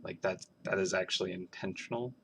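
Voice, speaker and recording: A man's voice: sits low, steady tone, fairly quick, creaky, background noise. A man who is a game artist, thinking aloud in a musing, self-questioning way as he draws on a livestream. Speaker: game artist streaming his work.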